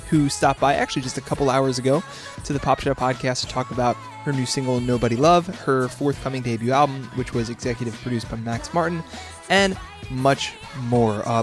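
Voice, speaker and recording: A man hosting a casual music podcast, chatty and quick to laugh. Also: fairly high pitch. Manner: chatty, laughs often, fillers and restarts. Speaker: podcast host. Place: based in New York.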